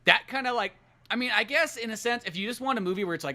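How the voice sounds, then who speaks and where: A man's voice: very high-pitched, fast, sharp tone. A man hosting a podcast, rambling profanely and acting out movie scenes as he retells them. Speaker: podcast host. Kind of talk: casual podcast chat.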